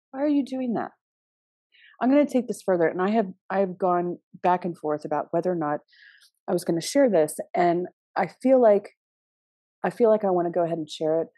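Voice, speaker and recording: A woman's voice: mid-range voice, warm tone, no echo. A middle-aged woman hosting a reflective spiritual podcast, talking in a meandering, hesitant way with frequent restarts. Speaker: podcast host.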